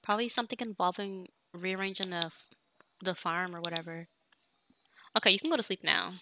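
A woman's voice: on the low side, a little fast, background noise. A young woman casually commenting on her life-sim game as she plays, chatting to viewers and bossing her characters around. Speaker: let's play streamer.

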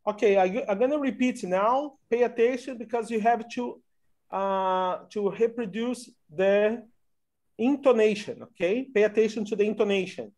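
A man teaching an online English conversation class, coaxing students along slowly with many fillers. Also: high voice, a little mellow.

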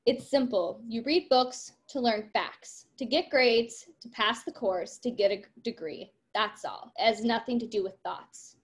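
A woman's voice: fairly high pitch, measured pace, few pauses, breathy edge. A woman reading aloud the lines of a dismissive young man who looks down on serious talk.

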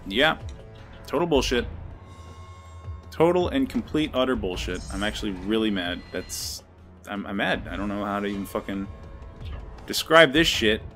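A man's voice: fairly low pitch, animated, normal speed, a bit bright. A young man commenting on his own card game as he plays, often swearing and ranting in frustration. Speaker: gameplay video creator. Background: faint background music.

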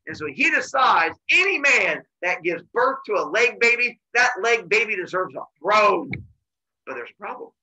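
A man teaching a class by retelling a myth in an animated, jokey way with deadpan asides. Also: high-pitched, moderate pace, poor audio. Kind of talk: comic myth storytelling to a class.

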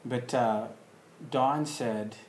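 A man telling a personal story in a casual, rambling way, full of pauses and fillers. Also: medium pitch, steady tone, echoey room, a little hiss or hum, poor audio. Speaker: alternative practice teacher.

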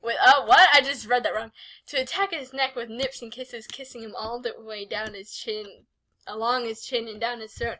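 A woman's voice: a little high, moderate pace, bright, forceful tone, poor audio. A young woman reading a fanfic aloud as a host, giggling often and breaking off with swearing exclamations. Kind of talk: casual comic read-along.

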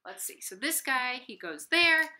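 A woman leads a children's storytime from home, her bright voice swooping up and down with gasps and playful sound effects. She reads unhurried and clear, as if to little listeners. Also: high voice, big pitch swings, a little hiss or hum. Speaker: library storytime host. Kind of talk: reading a picture book aloud to children.

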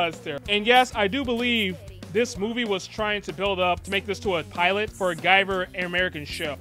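A man with a very high voice reacts to a movie as he watches, excitable and profane, full of sudden exclamations. Faint music plays behind him. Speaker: movie reviewer. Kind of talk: live movie reaction commentary.

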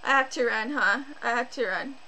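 A woman's voice: a little high, normal speed, heavy background noise. A woman streamer reacting to a horror game, jumpy and exclaiming, talking to herself as she plays. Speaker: gaming streamer. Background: game music.

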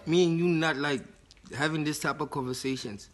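A man's voice: a little high, fairly even intonation, brisk, soft background music. A young man, hosting a casual video and making a prank call, rambling with slang and fillers. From South Africa. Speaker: YouTuber host.

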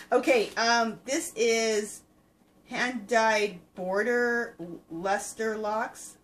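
A woman's voice: a little high, measured pace, fairly bright tone, slight background noise, rough recording. Gushing woman host showing off yarn. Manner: gushing, enthusiastic, full of filler words. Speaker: fiber-craft podcast host. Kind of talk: casual show-and-tell chat to viewers.

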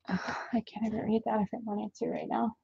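Female live-sale host, slightly high voice, relaxed casual chatter, dull lo-fi stream audio. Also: normal speed, gravelly. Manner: chatty, counting items aloud to viewers. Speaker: live seller unboxing jewelry. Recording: dull lo-fi audio with faint noise.

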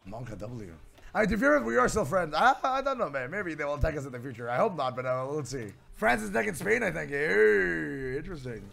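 A man streaming a strategy game, chatting excitedly and playing at diplomacy with the other players. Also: fairly high pitch, brisk, creaky. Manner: excitable, swears, calls others "my friend". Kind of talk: casual gaming chat with mock diplomacy.

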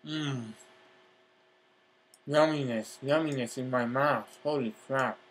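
In a casual vlog, a man eats on camera and talks excitedly about his food with his mouth full, making lots of appreciative "mm" sounds. His voice is medium-pitched, slow, and breathy-edged.

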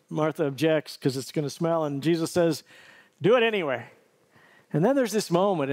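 A man's voice: a little high, darkish tone. A middle-aged man preaching a sermon, telling a story vividly and earnestly, often restarting his phrases. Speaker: pastor.

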